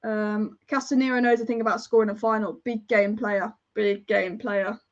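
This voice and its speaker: A young woman hosting a live football watch-along, excitable and casual, chanting and swearing as she reacts. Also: mid-range voice, moderate pace. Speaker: football fan livestream host. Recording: dull lo-fi stream audio.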